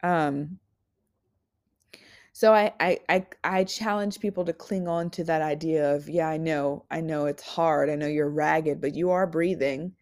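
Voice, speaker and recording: Young woman, deep low voice, candid and blunt, halting restarts, swears freely. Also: fairly even intonation, darkish tone. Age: 20s. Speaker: podcast host. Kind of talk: personal monologue.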